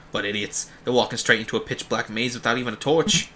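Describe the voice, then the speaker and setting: A man voicing a greedy, mouthy crow jail guard in a game, with a put-on vaguely Bostonian accent and rough slang. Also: mid-range voice, brisk, sharp tone, slight background noise, lightly acted. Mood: mocking. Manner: gruff, sneering, rough slang.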